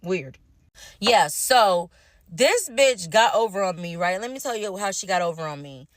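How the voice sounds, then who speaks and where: A woman's voice: mid-range voice, lively intonation, no room sound. A woman telling a personal story in a casual, profane rant, addressing her viewers. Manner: fast, heavily profane venting. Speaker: storytime vlogger.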